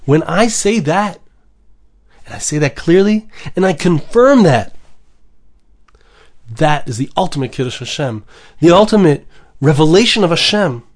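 A man's voice: a little high, animated, measured pace, pauses often. A man giving a devotional podcast talk as a rabbi, earnest and building emphasis as he speaks.

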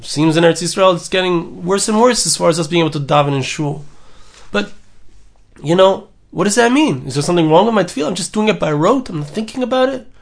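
A man with a notably high voice delivers an earnest podcast sermon. He leans on rhetorical questions and repeats phrases for emphasis. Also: lively intonation, fast talker, vocal fry. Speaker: rabbi giving a Torah talk.

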